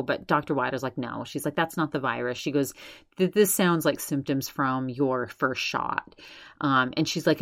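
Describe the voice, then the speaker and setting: A woman's voice: low voice, no room sound, clean studio sound. A woman podcast host casually recapping another show, constantly quoting with "she's like". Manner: retells others' words with constant "she's like".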